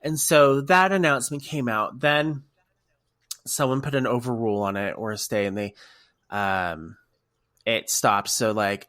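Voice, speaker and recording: A man co-hosting a casual podcast, telling stories in an emotional, animated way. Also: on the low side, dry recording, clean studio sound. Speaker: podcast co-host.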